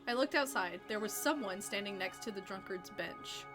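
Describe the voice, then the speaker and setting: A woman streamer reading a story game aloud and chatting with viewers in a lively way, laughing between passages. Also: medium pitch, moderate pace, hardly any pauses, over music.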